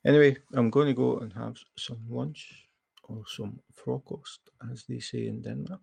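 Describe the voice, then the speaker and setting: A man's voice: mid-range voice, steady tone, normal speed, gravelly, darkish tone, slightly rough, dry recording. A man with a Scottish accent hosting a live chat, telling a rambling anecdote with plenty of fillers. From Scotland. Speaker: livestream host. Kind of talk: casual storytelling chat.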